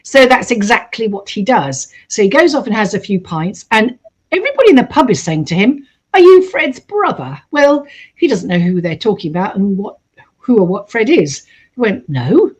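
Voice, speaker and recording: A woman recounting a true story in a casual, animated way, acting out the voices of the people in it. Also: mid-range voice, fairly quick, husky. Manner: animated, acts out quoted voices. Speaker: storyteller host.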